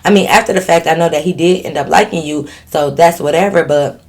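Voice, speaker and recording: Woman vlogger, lowish voice, storytime reader with sassy teasing commentary. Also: a little fast, darkish tone. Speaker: channel host. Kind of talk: reading a viewer's story aloud with commentary.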